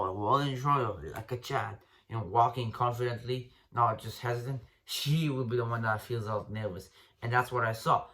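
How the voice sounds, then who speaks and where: A man's voice: medium pitch, a bit bright. Blunt, rambling man ranting. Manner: blunt and profane, rambling with restarts, says bro. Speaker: dating advice vlogger. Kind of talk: casual unscripted rant.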